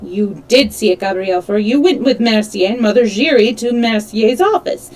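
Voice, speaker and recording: A woman reading the lines of an angry male secretary in a hushed, urgent, accusing voice. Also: mid-range voice, lively intonation, normal speed, lightly acted, rough recording.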